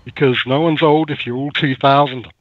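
A man dryly pitching a joke invention, poking fun at himself as a guest player. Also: steady tone, moderate pace, dull audio. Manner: dry, self-mocking delivery. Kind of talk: casual game chat.

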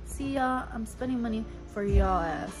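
A woman's voice: a little high, animated, normal speed, music in the background. A young woman vlogging late at night in a recording studio, telling her day's story in a loose, profane, ranting way. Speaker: vlogger and singer. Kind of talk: casual chat to camera.

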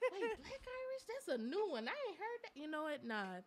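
High, lively woman with a bright voice. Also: a little fast, slight background noise. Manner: animated, laughing, dramatic storytelling. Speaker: co-host. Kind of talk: casual chat on live radio.

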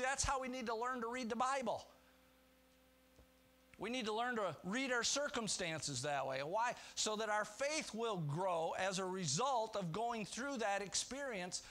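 A male pastor preaching with a slightly high voice. He moves between quiet, low reflective passages and raised, emphatic lines, and he asks the congregation rhetorical questions. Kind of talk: sermon.

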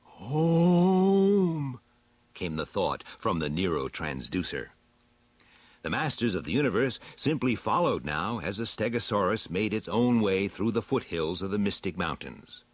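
A man narrating a storybook in an expressive, dramatic read-aloud manner. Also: sits low, moderate pace, slightly rough, dry recording.

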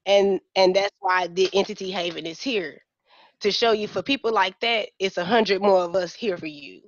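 A woman's voice: mid-range voice, fairly even intonation, normal speed, dry recording, dull audio. A young woman speaking earnestly and passionately as a guest in an interview over a video call. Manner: earnest, impassioned, Southern-tinged casual speech. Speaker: nonprofit founder, guest. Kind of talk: emotional interview talk.

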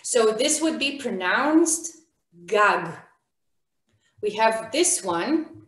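A woman's voice: on the high side, animated, slow pace, echoey room. A woman teaching an online beginner Hebrew class, encouraging and calling on students by name.

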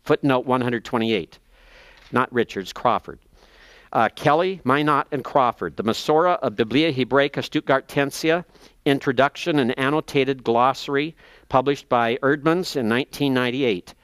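A man in a seminary lecture, explaining texts step by step, slowing down to spell out terms and page numbers, thinking aloud as he checks his notes. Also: mid-range voice, a bit bright, smooth, dry recording. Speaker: seminary professor. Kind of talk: classroom lecture.

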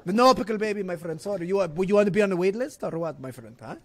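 A man voicing a pushy, fast-talking shopkeeper with a heavy put-on accent in an improvised comedy sketch. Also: high-pitched, animated, slight background noise. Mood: pushy salesy. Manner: heavily accented, pushy salesman patter.

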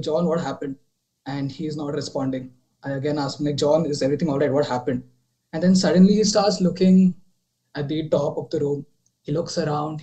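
A man's voice: a little high, low-quality recording. A young man telling a ghost story on a video call, rambling with many fillers and restarts. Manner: rambling, many fillers and restarts, drops quieter while retelling.

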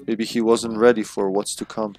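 A man live-streaming a co-op game, chatting casually, laughing often and thinking out loud. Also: lowish voice, level tone, moderate pace. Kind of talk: casual co-op gameplay chat.

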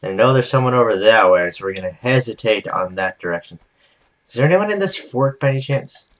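Calm, muttering young gamer man. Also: medium pitch, brisk, rough recording. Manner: calm, talks to himself, many "okay"s. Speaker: gaming video host. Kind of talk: let's play commentary.

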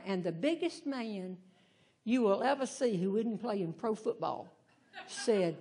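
An older woman, doing animated humorous storytelling as a stand-up comedian on stage. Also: mid-range voice, moderate pace. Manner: animated, acts out voices in her stories. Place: stage before a live audience.

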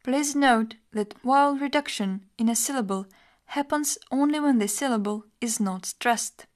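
Woman, language teacher, scripted lesson narration, slightly high voice, even measured tone.

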